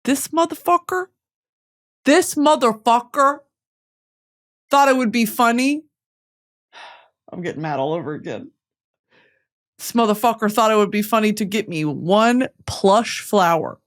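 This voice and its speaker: A woman from Texas hosting a comedic podcast, animated and profane as she rants straight to the audience. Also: mid-range voice, normal speed, pauses often. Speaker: podcast host.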